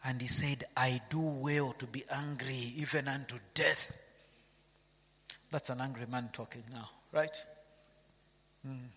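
Animated male preacher in a reverberant hall. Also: mid-range voice, a little slow, long pauses, breathy edge. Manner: animated, rhetorical questions, reads scripture aloud. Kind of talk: sermon.

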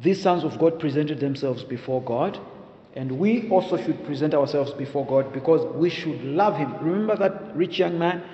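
A man's voice: a little high, moderate pace. Brief: male preacher, emphatic sermon with repeated phrases; dull lo-fi recording, echoey room. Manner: emphatic, repeats key phrases, tells stories with a laugh. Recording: echoey hall, dull lo-fi sound.

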